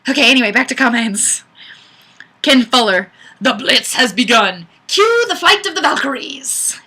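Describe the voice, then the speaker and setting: Bright-voiced woman chatting on a webcam stream. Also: sits high, animated. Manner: chatty, self-deprecating, quick asides. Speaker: livestream host. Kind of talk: casual chat reading viewer comments. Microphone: webcam mic.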